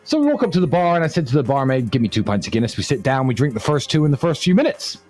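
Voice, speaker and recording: Animated man telling a pub story. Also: medium pitch, rapid-fire, soft background music. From England. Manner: animated storyteller, acts out quotes. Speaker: podcast host. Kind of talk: casual storytelling chat.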